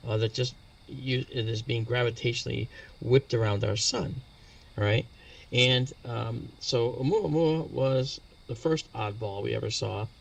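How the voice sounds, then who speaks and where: Gravelly man explaining astronomy. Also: medium pitch, distant mic. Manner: patient and explanatory, spells out terms. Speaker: astronomy guest expert. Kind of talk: explanatory interview talk.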